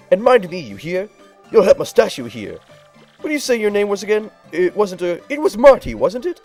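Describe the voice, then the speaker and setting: A man's voice: high-pitched, darkish tone, voice pushed up. A man voicing a crotchety, bossy old female tribal elder in a game playthrough, scolding and barking orders.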